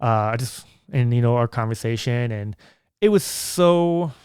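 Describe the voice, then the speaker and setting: A man's voice: mid-range voice, lively intonation, a little slow, darkish tone, clean tone, no echo, studio quality. A man hosting his own podcast, talking in a casual, earnest and rambling way. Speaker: podcast host.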